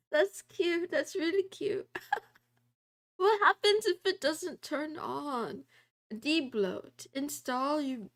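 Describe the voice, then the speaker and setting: A woman streamer with a high-pitched, very animated voice talks slowly in a fairly bright tone, casually chatting with viewers and reading their messages aloud. She giggles often, teases herself and slips in little meows.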